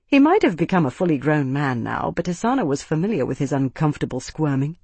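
A narrator reading a novel in an even, measured way. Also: medium pitch, husky, dry recording. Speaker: audiobook narrator. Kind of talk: scripted narration.

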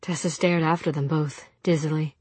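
A woman with a low, husky voice narrating a novel at an even, measured pace. The sound is close and dry, with no room around it. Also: no room sound. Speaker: audiobook narrator. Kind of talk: scripted narration.

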